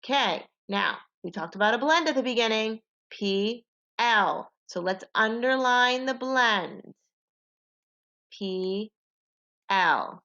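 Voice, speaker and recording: A woman's voice: fairly high pitch, expressive, takes it slowly, bright, forceful tone. A woman teacher giving a home phonics lesson to young children, in a patient call-and-repeat manner. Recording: dull lo-fi home recording.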